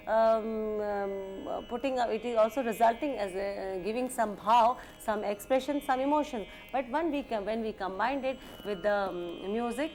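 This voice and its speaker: A woman with an Indian accent giving a music lecture, halting and full of fillers, sometimes switching into Hindi phrases. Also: fairly high pitch, a little mellow. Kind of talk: educational lecture.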